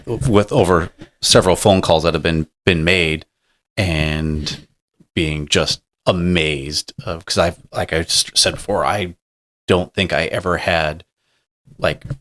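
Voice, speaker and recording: A man hosting a podcast, talking casually and haltingly as he searches for words. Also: sits low, a bit bright. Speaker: podcast host. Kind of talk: casual conversation.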